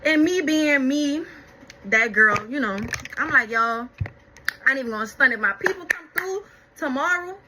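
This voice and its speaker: A young adult woman vlogger telling a story-time in casual, animated chat, talking straight to her viewers. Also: sits high, moderate pace, noisy background. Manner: animated, chatty, addresses viewers as y'all.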